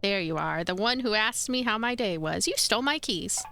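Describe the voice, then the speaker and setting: A woman's voice: mid-range voice, expressive, normal speed, vocal fry, background noise. A woman voicing a stern prison director who speaks in clipped, accusing lines.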